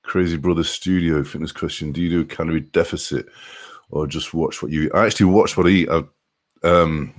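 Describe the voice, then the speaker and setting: A man's voice: rumbling low, steady tone, brisk. A man, casually chatting on a live stream and greeting viewers by name in an upbeat way.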